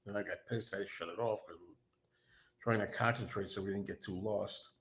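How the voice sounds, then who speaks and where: A man's voice: on the low side, fairly even intonation, fairly quick, fairly bright tone. A man hosting a casual livestream, rambling and self-deprecating, talking as an enthusiastic fan. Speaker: host.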